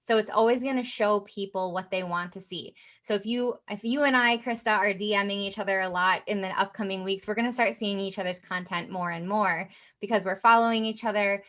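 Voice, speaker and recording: A woman guest explaining her work in an interview, in a steady, patient way with frequent fillers. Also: medium pitch, fairly quick. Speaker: guest, personal brand specialist.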